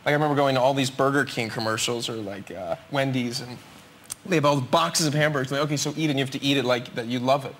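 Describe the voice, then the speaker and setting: A man's voice: mid-range voice, a bit bright. A man, an actor guest, telling an easygoing anecdote on a chat show. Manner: quick, easygoing storytelling. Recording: noisy studio.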